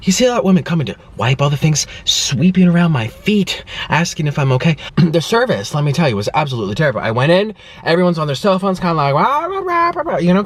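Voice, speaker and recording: A man's voice: a little high, slight background noise. A young man chatting to camera from his car, telling a story with lots of acted-out quotes. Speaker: food vlogger. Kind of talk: casual chat to camera.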